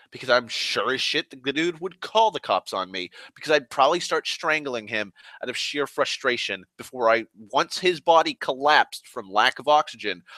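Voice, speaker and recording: A man's voice: mid-range voice, sharp tone, no echo, studio quality. A man angrily telling a story to camera, swearing constantly and repeating himself for emphasis. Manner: angry, heavily profane ranting; dramatic pauses and repetition. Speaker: online ranter. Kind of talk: casual storytelling rant.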